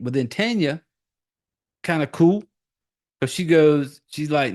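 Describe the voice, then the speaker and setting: A man's voice: fairly high pitch, lively intonation, normal speed, pauses often. Profane, rambling man recapping a movie. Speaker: podcast host.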